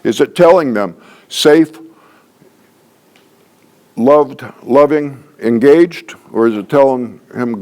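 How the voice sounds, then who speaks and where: An older man gives a training talk to a small group at a middle pitch. He speaks in a folksy, joking way and repeats each key phrase for emphasis. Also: takes it slowly, long pauses, darkish tone. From Canada. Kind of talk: workshop lecture.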